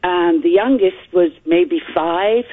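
A woman's voice: fairly low pitch, takes it slowly. Lady calling in, telling a little story, tinny phone sound. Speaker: caller. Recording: phone line.

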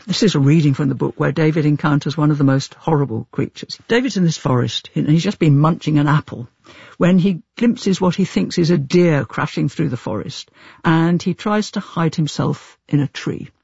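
Literary interviewer, male, slightly higher voice with fry, articulate and considered. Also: moderate pace, a little mellow, dry recording, lo-fi sound. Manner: articulate, asks long considered questions.

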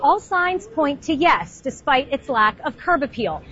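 A woman reporter speaking on location in a lively, upbeat way. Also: high voice, measured pace, muffled recording. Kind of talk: on-location piece to camera.

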